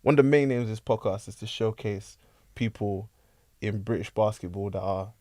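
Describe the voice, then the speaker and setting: British host, lowish voice, dry close mic, easygoing interviewer. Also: male voice, normal speed, a little mellow, no room sound. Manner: encouraging, frequent yeahs, loose rambling questions. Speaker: podcast host. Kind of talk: casual podcast interview. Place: podcast studio.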